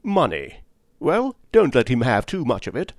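A man voicing a brusque, blunt middle-aged spinster who speaks in curt, forceful bursts. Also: medium pitch, wildly swooping pitch, moderate pace, no echo, studio quality. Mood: indignant.

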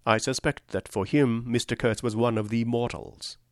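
A man narrating a literary novel in a measured, grave, deliberate way. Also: medium pitch, fairly even intonation, no echo, clean studio sound. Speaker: audiobook narrator.

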